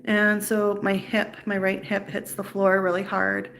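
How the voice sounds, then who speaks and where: Woman, gravelly fry in her voice, upset and bitter, livestream storytelling. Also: medium pitch, monotone, measured pace, a bit bright, slight background noise. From Canada. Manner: upset, bitter, recounting events. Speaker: livestream host.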